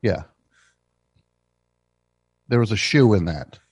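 A man hosting a comedic radio show, riffing brashly and swinging between mock shouting and muttering. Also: on the low side, lively intonation, slow pace, breathy edge, dry recording, studio quality. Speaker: host. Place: radio studio.

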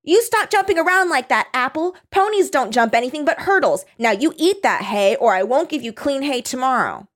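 A woman voicing a bratty, whiny nine-year-old boy with a high, petulant voice. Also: expressive, a little fast, few pauses. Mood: bossy.

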